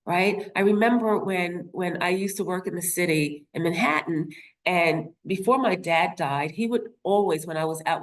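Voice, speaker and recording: A woman in her fifties, a nurse, speaks to an audience. She tells a personal story, poses rhetorical questions and acts out the voices of the people she quotes. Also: on the low side. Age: 50s.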